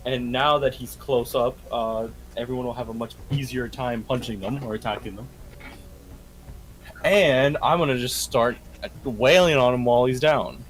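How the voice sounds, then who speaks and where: A man's voice: medium pitch, normal speed, rough recording. A man playing a tabletop game on a livestream, eagerly talking through his moves and dice rolls. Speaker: player.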